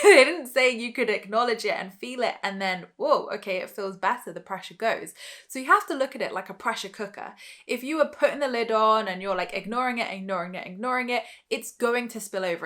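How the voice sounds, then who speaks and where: A woman speaks straight to camera as a teacher, earnest and emphatic. Her voice is bright and forward, and her pitch sits in a middling range. She leans on repeated words to drive her points home. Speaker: law of attraction teacher. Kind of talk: direct-to-camera teaching talk.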